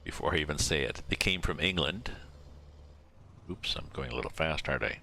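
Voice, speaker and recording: A man with an extremely low, yet bright and forceful voice chats on a live game stream. He rambles and thinks aloud between viewer shout-outs, with a faint hiss of noise behind him. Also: a little fast, gravelly. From Canada. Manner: rambling, musing aloud, reading out viewer names. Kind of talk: casual live-stream chat while driving a truck sim.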